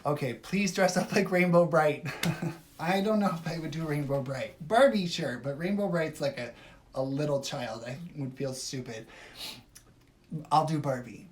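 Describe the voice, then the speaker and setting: A woman's voice: sits low, a little slow, darkish tone, a little hiss or hum. A woman hosting a casual phone livestream, chatting and answering viewer comments. She talks emphatically and swings between gushing and dismissive. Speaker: livestream host.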